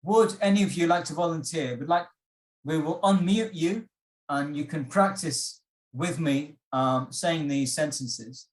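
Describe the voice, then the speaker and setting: A workshop instructor on a video call, teaching an English test-prep session in a patient, inviting, slow and measured way. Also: medium pitch.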